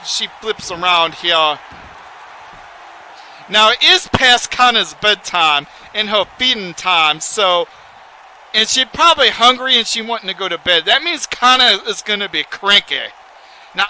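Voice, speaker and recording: A man giving excitable, folksy, rambling play-by-play commentary on a wrestling video game. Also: high-pitched, a little hiss or hum, low-quality recording.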